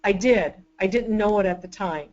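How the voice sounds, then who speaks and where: A woman department chair presenting a webinar, telling stories with energy and quick restarts. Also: medium pitch, darkish tone, highs cut off. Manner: enthusiastic, storytelling with quick restarts. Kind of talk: webinar talk.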